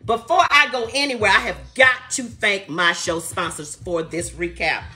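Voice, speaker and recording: A woman hosts a live podcast, loud and playful, saying she is tired as she greets viewers by where they are watching from. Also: medium pitch, normal speed, soft background music. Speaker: podcast host. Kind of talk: casual live-stream chat.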